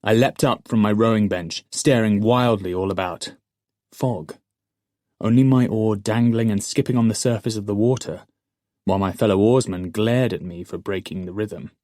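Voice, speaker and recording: A man narrating a fantasy audiobook in the first person, in a measured storytelling manner. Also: on the low side, darkish tone, dry recording, clean studio sound.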